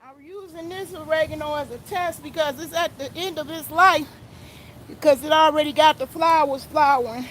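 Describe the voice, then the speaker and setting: A woman's voice: high-pitched, normal speed, fairly bright tone, a little hiss or hum. A woman, filming herself outdoors in her garden on a phone and chatting casually to her viewers while she sprays her plants, a little out of breath. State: slightly out of breath. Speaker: gardening vlogger.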